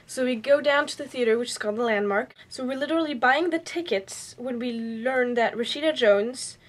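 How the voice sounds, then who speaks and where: A woman's voice: a little high, brisk. A young woman chatting casually to her vlog camera, telling a story in a bubbly, chatty way. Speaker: vlogger.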